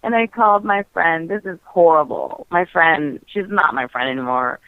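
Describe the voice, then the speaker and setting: A woman's voice: low-pitched, moderate pace, dry recording. A woman guest telling a personal story candidly and casually, giggling often and filling her talk with "like". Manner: giggly, frank, heavy use of "like" fillers. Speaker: podcast guest. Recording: tinny phone-like dry audio.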